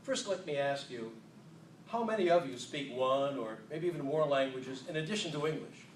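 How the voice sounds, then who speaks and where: A man giving a humorous contest speech to an audience in a hall, playful and self-mocking, with unhurried comic timing. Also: medium pitch, expressive, a little hiss or hum. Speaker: contest speaker. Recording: echoey hall, distant mic.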